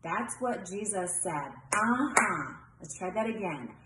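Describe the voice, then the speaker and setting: A woman teaching children a simple song with hand signs, giving slow, patient, step-by-step directions. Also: medium pitch, expressive, echoey room, heavy background noise.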